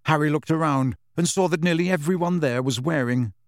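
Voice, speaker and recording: A man's voice: on the high side, no echo. Man reading a storybook, dry close sound. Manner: measured storytelling. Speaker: audiobook narrator. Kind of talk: scripted narration.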